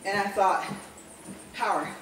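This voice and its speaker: A woman's voice: medium pitch, unhurried, a bit bright, slight background noise. A woman vlogging casually while walking on a treadmill, out of breath and rambling as she corrects herself. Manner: rambling, self-correcting chatter. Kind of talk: casual walk-and-talk vlog. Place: home room on a treadmill. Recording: roomy, distant home recording.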